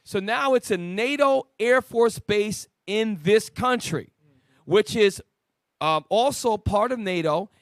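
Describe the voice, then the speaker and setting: A man leading a preaching Bible lesson, emphatic and swinging between loud and quiet. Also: high voice, slow pace, no room sound, clean studio sound. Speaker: lead teacher of a Bible study show.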